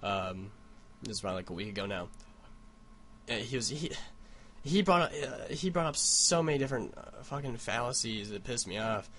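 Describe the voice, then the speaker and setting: A man's voice: medium pitch, lively intonation, moderate pace, a bit bright, slight background noise. A young man vlogging at home, telling a rambling, profane story into his computer mic. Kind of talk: casual rant.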